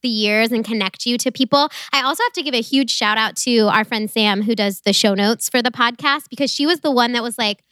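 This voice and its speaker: Bubbly young woman co-host, bright high voice, dry close mic. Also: a little fast, few pauses, dry recording. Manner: bubbly, enthusiastic, laughs often. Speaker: podcast co-host. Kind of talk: casual podcast chat.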